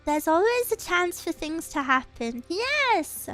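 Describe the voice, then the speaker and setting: Very high-voiced woman streamer, earnest. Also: big pitch swings, slow, a bit bright, faint music behind. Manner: earnest, encouraging, answers chat messages; gets choked up and emotional. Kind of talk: casual live-stream chat.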